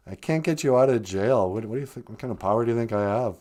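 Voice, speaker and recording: A man hosting a comedic podcast, talking in a dry, deadpan way and explaining words of the day. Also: medium pitch, quick pace, hardly any pauses. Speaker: podcast host and language teacher.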